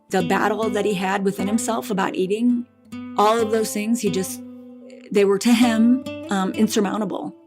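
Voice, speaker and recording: Halting, emotional middle-aged woman. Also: medium pitch. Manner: halting and emotional, with restarts and repetition. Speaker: bereaved mother guest. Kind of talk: personal storytelling in a podcast interview.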